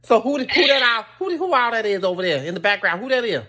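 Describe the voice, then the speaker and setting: A man's voice: high-pitched, expressive, fast talker, pushed and bright. A man doing an impression of a brash, sassy older Southern grandmother, bossy and drawling on a comic phone call. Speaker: prank caller.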